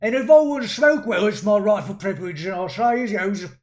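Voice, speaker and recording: A game master voicing a boastful old male dwarf veteran who talks loudly in a thick, rambling accent. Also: mid-range voice, sing-song, normal speed, voice pushed up, lightly acted. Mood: blustering.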